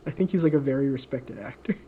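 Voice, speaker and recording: A podcast co-host rambles through a made-up story in casual chat, full of fillers and restarts. He's a fast, animated talker with a medium-pitched voice. The audio is tinny and phone-like, with slight background noise.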